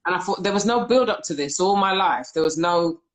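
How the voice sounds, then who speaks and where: Brisk and expressive, this fairly low-pitched woman from the UK leads a live talk on a video call. She tells thoughtful stories and reads out comments from viewers, and the recording has an echoey, roomy feel.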